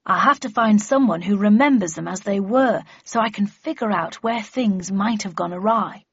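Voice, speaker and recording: A woman voicing a wry, calm and eccentric older father, with a husky voice and a measured, dry, unhurried delivery. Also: medium pitch, no echo, dull audio. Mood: gentle.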